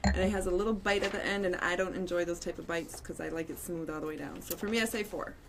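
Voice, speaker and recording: A woman speaking as a panel guest, thoughtful and measured. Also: lowish voice, steady tone, background noise. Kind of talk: casual panel chat.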